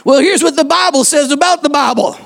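A pastor preaching a sermon to a church congregation, shouting to stress points and firing questions at the listeners. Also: male voice, very high-pitched, fairly quick, gravelly, dry recording. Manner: fervent preaching with shouted emphasis and rhetorical questions.

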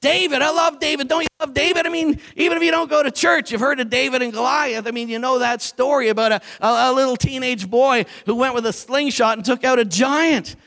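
A preacher with a very high, bright voice delivers an animated sermon. He drops to quiet low asides, then climbs into loud, forceful declarations. Long reverb trails every phrase, as in a large church hall. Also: brisk, hardly any pauses.

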